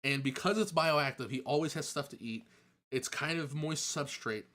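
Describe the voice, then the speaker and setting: A man casually answering chat questions on a live stream, chatty and excitable, joking and laughing often. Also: a little high, normal speed.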